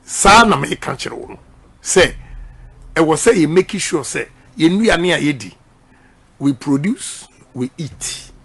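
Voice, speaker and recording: A man's voice: fairly high pitch, expressive, measured pace, vocal fry, a bit bright, breathy edge. A middle-aged Ghanaian man giving an emphatic campaign speech that drifts between English and Twi and repeats his key points. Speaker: politician.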